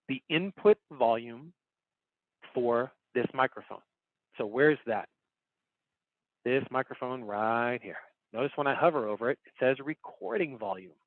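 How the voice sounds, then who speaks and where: A man runs an online workshop from a home recording setup, explaining step by step and coming back to his main points. His voice sits in a middle range, and the call audio is narrow and phone-like. The sound is dry with no room echo. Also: mid-range voice. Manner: casual, upbeat, talks while demonstrating on screen. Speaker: workshop instructor. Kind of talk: online class teaching.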